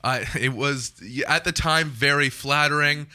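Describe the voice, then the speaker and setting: A male podcast host chatting casually with guests. His voice is very bright and sits a little high for a man. He jokes at his own expense and stumbles through quick restarts. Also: smooth. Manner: self-deprecating, joking, talks in restarts.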